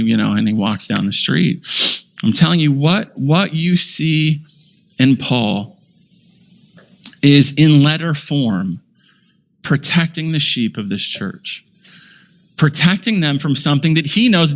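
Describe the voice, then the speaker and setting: A man's voice: on the high side, slow pace, gravelly, long pauses. Man preacher telling a story. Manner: animated storyteller, self-described sarcastic. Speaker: pastor. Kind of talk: sermon with storytelling.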